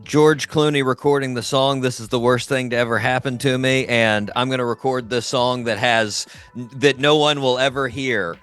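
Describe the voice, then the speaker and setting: A man's voice: mid-range voice, fairly even intonation, moderate pace, a bit bright, clear, resonant tone, faint music behind. A male podcast host interviewing a guest in an easygoing way, recapping stories. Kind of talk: casual interview.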